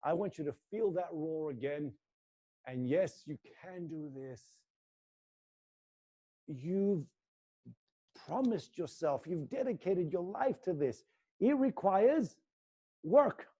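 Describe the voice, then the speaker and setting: A man's voice: a little high, expressive, slow, long pauses, mellow, breathy edge, highs cut off. A middle-aged man teaching acting, leading a guided exercise in a live class with an intense, coaxing manner and free swearing.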